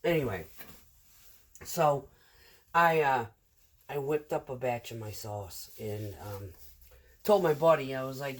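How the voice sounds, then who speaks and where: A woman's voice: very deep voice, lively intonation, slow pace, pauses often, a little hiss or hum. A middle-aged woman who drives a concrete truck, telling rambling work stories in a casual, chatty vlog full of fillers.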